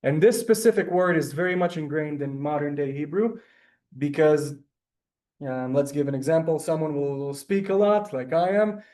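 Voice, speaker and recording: A man's voice: fairly high pitch, moderate pace, warm tone. Talkative, courteous man teaching a class. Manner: talkative and courteous, apologizes and says ma'am. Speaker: Hebrew teacher. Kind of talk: online class lecture. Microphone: video call.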